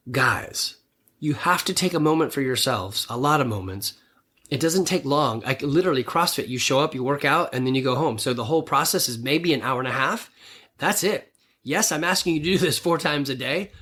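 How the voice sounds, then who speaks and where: A man's voice: fairly high pitch, fairly bright tone. A man in his fifties hosting a podcast, giving an earnest, rambling motivational talk with frequent restarts. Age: 50s. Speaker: podcast host and gym owner. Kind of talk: casual motivational monologue.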